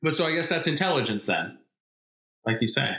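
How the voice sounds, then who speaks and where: A man with a bright, forceful voice trades dry, absurd jokes in loose podcast banter. He sounds like he is in an echoey room. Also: medium pitch, expressive, fairly quick, gravelly. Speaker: podcast co-host. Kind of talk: casual banter.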